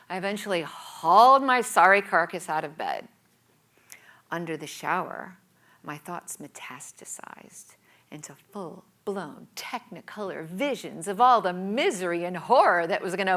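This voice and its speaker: A woman's voice: lowish voice, a bit bright. A woman giving a scripted storytelling talk, in a dramatic, playful delivery with whispered asides. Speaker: speaker.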